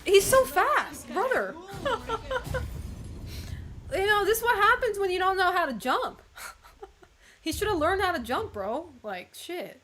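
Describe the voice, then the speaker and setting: A young woman streaming a game, commenting as she plays, excitable, swearing and laughing often. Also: very high voice, a little slow, pauses often. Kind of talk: gameplay commentary. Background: game music.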